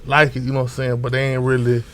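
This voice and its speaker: A young man from Orlando talks about his rap career in a loose, rambling way, full of street slang and "you know what I'm saying." His delivery stays flat and even, with little rise and fall. He speaks as a guest in a casual interview. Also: mid-range voice, fast. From Orlando, Florida. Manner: loose, repetitive, street slang, frequent fillers. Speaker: rapper guest.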